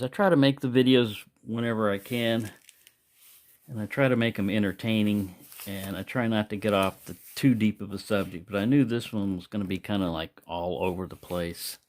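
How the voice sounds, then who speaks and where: A man hosting his own channel, talking in a loose, meandering way in a casual monologue. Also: fairly low pitch. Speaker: knife collector and channel host.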